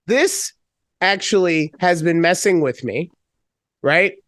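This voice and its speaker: A woman co-hosting a casual podcast chat, animated and swearing freely as she acts out her own reactions. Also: on the low side, slow. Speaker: podcast co-host.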